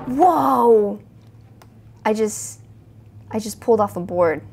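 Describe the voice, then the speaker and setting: A woman playing a spooky video game, chatting to her viewers in a jumpy, excitable way. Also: medium pitch, very slow, vocal fry, a little hiss or hum. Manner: jumpy, chatty, talks to viewers, frequent gasps and exclamations. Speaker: gaming video host. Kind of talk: let's play commentary.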